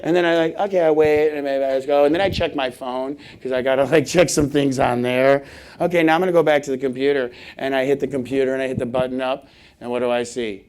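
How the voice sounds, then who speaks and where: A middle-aged man giving a humorous conference talk, animated and laughing often as he acts out little scenes. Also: mid-range voice, quick pace, smooth. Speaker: conference speaker. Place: conference hall stage.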